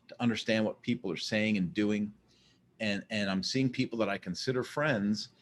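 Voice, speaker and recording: A man's voice: lowish voice, slight background noise. A man in a casual monologue, rambling and often repeating words as he starts a sentence. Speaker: vlogger.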